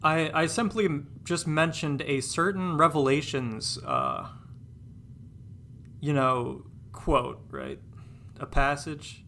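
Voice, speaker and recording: A male streamer talks casually over his gameplay with a bright, sharp-edged voice. He rambles, trips over repeated words, and sounds exasperated and dismissive. A faint hiss of noise sits under the voice. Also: a little high, lively intonation, takes it slowly, gravelly. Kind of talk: casual chat while live-streaming a game.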